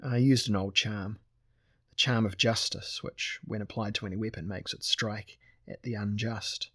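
A man voicing a calm, knowing old male sorcerer who explains in measured tones. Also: on the low side, dry recording, clean studio sound.

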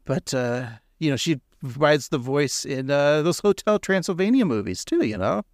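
Laughing often, a man co-hosting a casual podcast rambles and cracks jokes in a slightly high, expressive voice at normal speed. The recording is dry, with clean studio sound.

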